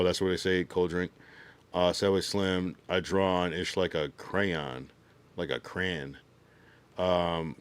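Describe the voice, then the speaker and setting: A man livestreaming, chatting loosely with slang and swearing while reading viewers' messages aloud. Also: deep voice. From United States. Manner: loose, slangy and profane, reacts to chat messages.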